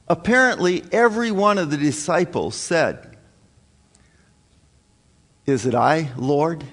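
Male preacher, unhurried and folksy, stumbling over restarts, voice ringing in a big church. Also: a little high. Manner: folksy, halting, with many restarts and fillers. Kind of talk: sermon with scripture reading. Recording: long hall reverb.

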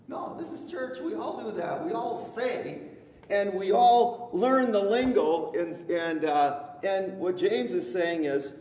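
A male pastor delivers a sermon at an unhurried pace, stopping often on fillers and restarts, with a light conversational humor. His voice sits a little high for a man. The sound is roomy and carries a long church reverb, picked up by a distant mic. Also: animated, a little mellow. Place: church sanctuary. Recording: echoey hall, distant mic.

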